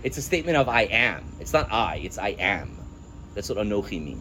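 A man's voice: on the low side, very animated, brisk, pushed and bright, slight background noise. A man teaching a class on scripture, emphatic, weaving quoted verses into his explanations and laughing at his own points. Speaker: religious studies teacher. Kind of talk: text-study lecture with a class.

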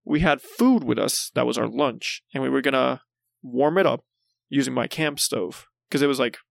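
A young man telling a story in casual chat, lively and often laughing as he acts out what people said. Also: mid-range voice, moderate pace, creaky, dry recording, studio quality. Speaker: podcast co-host.

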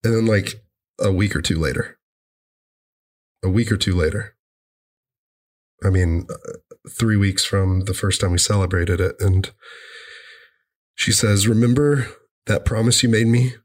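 A man sharing a personal story in an earnest, halting way, often repeating himself. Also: deep voice, fairly even intonation.

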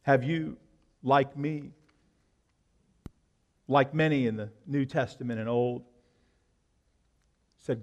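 A male pastor preaching an impassioned sermon, swinging between loud, urgent lines and hushed ones. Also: medium pitch, slow pace, long pauses, in a large hall.

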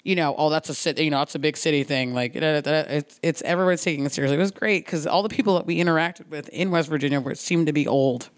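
A woman's voice: low voice, fast talker, few pauses, no echo, clean studio sound. A woman co-hosting a podcast in casual chat, chatty, laughing often and full of fillers.

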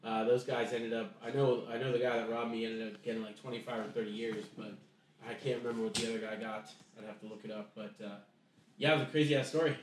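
A man's voice: mid-range voice, steady tone, fast talker, a little hiss or hum. A man on a podcast casually telling a long story, rambling with restarts and acting out bits of dialogue. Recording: echoey room, voice distant from mic.

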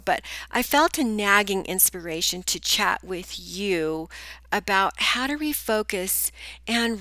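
A middle-aged woman with a sharp, medium-pitched voice and no echo hosts a solo coaching podcast as a business coach. She's chatty and upbeat, speaking directly to her listeners, though she sounds a bit groggy today.

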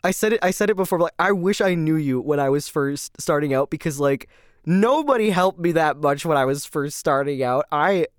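A man hosting a casual rambling podcast, gushing and excitable, full of fillers and laughs. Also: on the high side, a little fast, no echo, studio quality. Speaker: podcast host.

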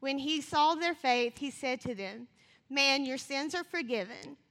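A woman preaching, her voice bright and forceful. She talks fast and builds to passionate appeals. Her words ring with a long reverb in a church hall. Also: high voice. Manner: fast-talking, rising to passionate calls. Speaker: church speaker. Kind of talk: sermon with scripture reading.

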